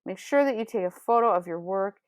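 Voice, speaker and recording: A woman teacher giving a recorded remote writing lesson, patiently explaining step by step and reading example sentences aloud with pronounced pauses. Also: medium pitch, lively intonation, no room sound, clean studio sound. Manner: patient, explains step by step, calls students scholars and friends.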